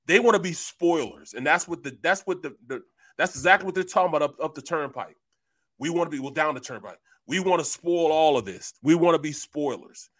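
Man, sports talk co-host, slightly high voice, dry studio sound, animated storytelling. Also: brisk, no echo. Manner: animated storyteller, repeats phrases.

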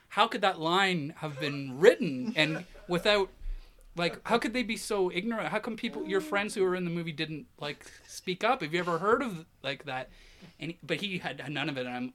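Man, casual storyteller, bright and forceful, self-deprecating, sinks quiet when embarrassed. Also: a little high. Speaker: guest telling a story.

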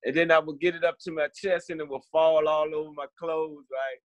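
A middle-aged man from Richmond, a podcast guest telling his story in a halting way, repeating words and acting out the people he quotes. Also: on the high side, fairly even intonation, dry recording. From Richmond, Virginia. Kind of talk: storytelling interview.

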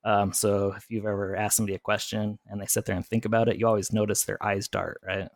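A man's voice: on the low side, little pitch movement, fast talker, no echo. A man guest on a podcast, explaining in casual chat with many fillers.

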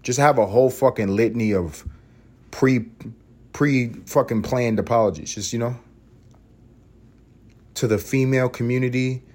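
A man from East Harlem riffs alone on his podcast in a crude, sarcastic monologue. His voice sits at an ordinary male pitch. He jumps between loud mock outbursts and quiet muttered asides. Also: normal speed, pauses often. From East Harlem, New York. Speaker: podcast host. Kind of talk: profane comedic monologue.

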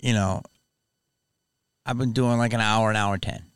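A man's voice: fairly low pitch, a little slow, clean tone, dry recording, clean studio sound. A man hosting a podcast in casual chat, telling stories with lots of laughter. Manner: animated storyteller, laughs often. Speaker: podcast host.

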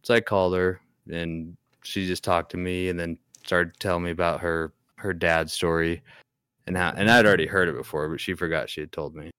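A man's voice: low-pitched, fairly even intonation, fairly quick, a bit bright, clear, resonant tone, dry recording, studio quality. A young man casually telling a ghost story on a podcast, rambling and restarting often. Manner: rambling, hesitant, many restarts. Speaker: podcast guest.

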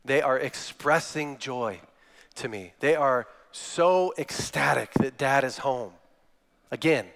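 A guest speaker in his thirties gives a sermon, telling stories and acting out quotes, with long hall reverb around him. His medium-pitched voice is gravelly and a bit bright, and he takes it slowly.

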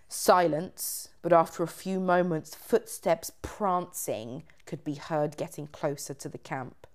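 A woman's voice: low-pitched, measured pace, hardly any pauses. A woman hosting a podcast, retelling a ghost story in a chatty way with many fillers. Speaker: podcast host. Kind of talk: casual storytelling chat.

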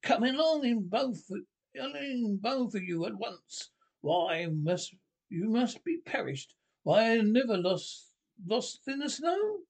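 A man voicing a rough-voiced, gruff but kindly old male badger in a storybook reading. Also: extremely high pitch, big pitch swings, slow, voice pushed up, heavily acted. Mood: concerned.

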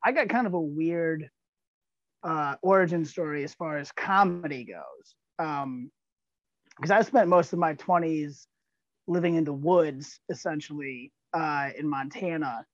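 A man, a comedian guest chatting casually, dry and quick to riff in mock voices. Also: on the high side, no echo, lo-fi sound. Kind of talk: casual comedy podcast chat.

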